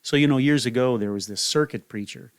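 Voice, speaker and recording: A male radio host telling a joke in a casual, animated way. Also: medium pitch, fairly quick, no echo, clean studio sound. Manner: animated storyteller.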